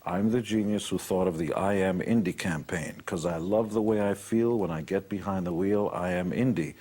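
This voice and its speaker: A very low, husky voice belongs to an older man who talks bluntly and brags freely. He tells his stories like a seasoned speaker laying down life advice. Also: normal speed, dark tone. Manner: boastful, blunt. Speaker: motivational speaker. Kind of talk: storytelling talk.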